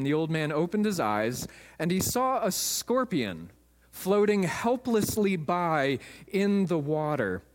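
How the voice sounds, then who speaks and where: A man's voice: a little high, in a large hall. A man, a pastor, preaching a sermon with emphatic storytelling in a church.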